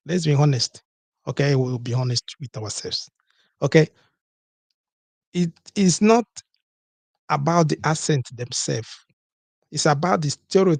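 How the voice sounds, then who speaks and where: A man with a gravelly, husky voice hosts a solo podcast in a dry, close-sounding room. He asks rhetorical questions and keeps coming back to the same points, checking in with listeners as he goes. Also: a little high, no echo. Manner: rhetorical, repeats points with "okay?" and "what?". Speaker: podcast host.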